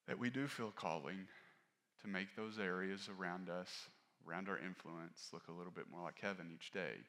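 A male pastor preaching a sermon in a candid, conversational way, rising to stress points and dropping low and quiet for personal asides. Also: normal speed. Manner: candid, conversational preaching that rises and falls in force.

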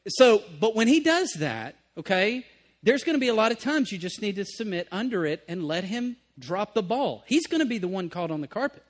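Male pastor, sermon, high-pitched voice, animated, conversational asides. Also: brisk. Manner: animated, swings between emphatic and hushed; conversational, checks in with listeners.

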